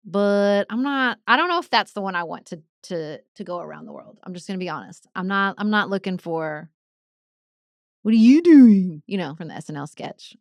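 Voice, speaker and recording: A woman's voice: mid-range voice, fairly bright tone, no echo, clean studio sound. A woman with a Southern US accent, co-hosting a casual podcast, chatty and enthusiastic. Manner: chatty, enthusiastic, says "y'all". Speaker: podcast co-host. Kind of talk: casual conversational podcast chat.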